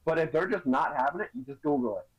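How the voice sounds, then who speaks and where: A man's voice: on the high side, expressive, quick pace, breathy edge, muffled recording. A young man co-hosting a podcast, chatting loosely with lots of restarts and fillers. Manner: rambling, many restarts and "you know"s. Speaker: podcast co-host. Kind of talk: casual chat.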